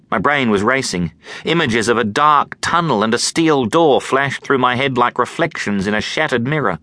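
Man reading a kids audiobook, bouncy lively delivery, bright crisp tone, dead dry studio. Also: medium pitch, normal speed, dry recording. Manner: expressive, tense storytelling. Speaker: audiobook narrator. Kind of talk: first-person scripted narration. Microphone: close studio mic.

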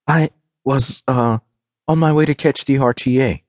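A man voicing a frightened young woman on the run, pleading and high-strung, in an audiobook reading. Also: very animated, normal speed, darkish tone, breathy edge, no echo, studio quality. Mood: nervous.

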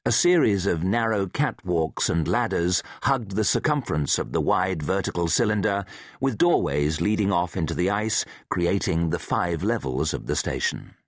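A man narrating a thriller audiobook in a measured, dramatic way. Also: low-pitched, lively intonation, dry recording, studio quality. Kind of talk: scripted narration.

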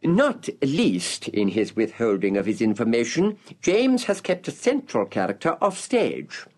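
Male audiobook narrator, measured and expressive, lively intonation, mid pitch. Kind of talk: scripted narration of a literary introduction.

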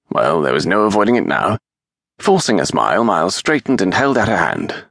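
Deep gravelly male audiobook narrator. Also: sing-song, moderate pace, fairly bright tone, no echo, studio quality. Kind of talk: scripted narration of a historical romance.

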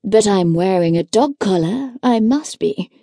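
A woman's voice: mid-range voice, animated, measured pace, warm tone, no echo. A woman narrator voicing a dry, teasing young male curate in an audiobook. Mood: wry. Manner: dry, teasing, matter-of-fact. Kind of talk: audiobook character voice.

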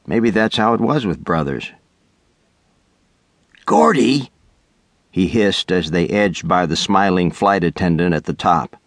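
A middle-aged man narrating a children's audiobook with lively, expressive storytelling on a close studio mic. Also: deep voice, normal speed, hardly any pauses, dry recording. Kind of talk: scripted narration.

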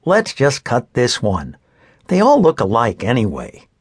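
A man's voice: mid-range voice, huge pitch swings, a little slow, breathy edge, exaggerated voice. A man voicing an impatient older brother who grumbles to get things over with, in a storybook.

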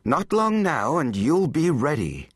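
A man's voice: a little high, very animated, unhurried, slightly rough, dry recording, clean studio sound, pitched above the performer's own voice, full character voice. A man voicing a gloating, sinister man who relishes his control over a girl.

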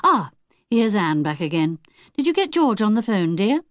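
A woman's voice: mid-range voice, very animated, moderate pace, dry recording, clean studio sound, natural voice. A woman narrator voicing a kindly, sensible middle-aged mother in a children's audiobook. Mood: fond. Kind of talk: audiobook character voice.

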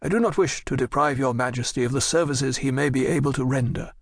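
Man doing an older nobleman, earnest, courtly, gravelly, dry close sound. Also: mid-range voice, fast, no room sound, lightly acted. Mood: pleading. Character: dignified older male nobleman, earnest father.

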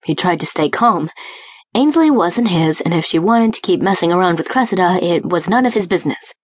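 A woman reading a romance audiobook as its narrator, with smooth, even storytelling. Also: fairly low pitch, fairly quick, no echo. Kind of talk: scripted narration. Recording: dry close studio read.

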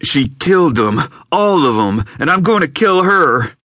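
A man voicing an unhinged, armed southern stranger who talks in a slow drawl in an audiobook. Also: lowish voice, expressive, no echo, clean studio sound, voice pushed up. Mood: frantic. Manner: slow drawl, shouting, frantic threats. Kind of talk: audiobook character voice.

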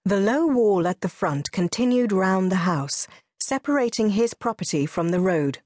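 A woman reading a novel aloud as an audiobook narrator, measured and unhurried. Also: medium pitch, expressive, darkish tone, dry recording, clean studio sound.

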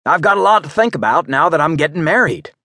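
A man's voice: a little high, big pitch swings, fast, sharp tone, no echo, clean studio sound, pitched above the performer's own voice, full character voice. A man doing an earnest young frontiersman. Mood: anxious.

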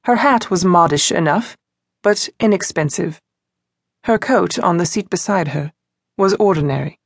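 A woman narrating a mystery novel for an audiobook, with a lowish voice and a measured, even delivery. She is close to the mic, and the studio sound is dry. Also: no room sound. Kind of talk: scripted narration.

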